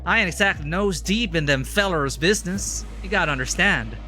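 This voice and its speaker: A swaggering cowboy gangster with a hammy put-on Southern American drawl, as a man voices him. The voice sits high and bright and swoops around, with faint music in the background. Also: lively intonation, a little fast. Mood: puzzled. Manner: drawling, folksy, exclaiming.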